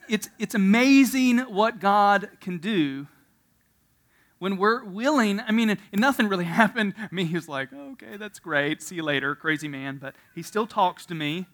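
A man preaching a sermon, telling a story with frequent laughter, swinging from quiet asides to loud emphasis. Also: high-pitched, expressive, normal speed. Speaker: pastor.

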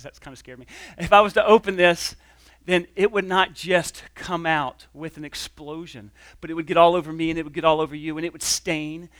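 Male pastor, slightly high voice, casual storytelling sermon, dry close sound. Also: fairly bright tone, no echo. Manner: conversational, storytelling with restarts and voiced quotes. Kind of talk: sermon with object lesson and personal story.

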